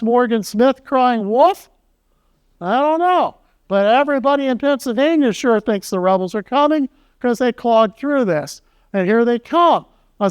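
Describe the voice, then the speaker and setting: A man's voice: very high voice, clean tone, dry recording. A man presenting a public history lecture to a local audience. He talks in a folksy, conversational way and drops wry asides to the crowd.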